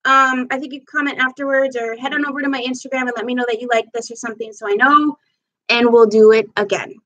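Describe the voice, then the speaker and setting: A woman's voice: on the high side, fairly even intonation, fast talker, a bit bright. A woman hosting a casual live makeup chat at home, talking in a meandering, chatty way while she applies her makeup. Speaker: livestream host. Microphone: camera mic on a live stream.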